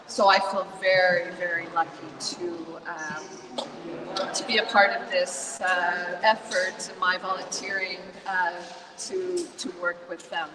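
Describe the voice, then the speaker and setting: An American woman, a volunteer guest, telling stories in a chatty, animated way at a live event. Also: on the low side, slow, a crowd in the background. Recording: echoey hall, voice from far off.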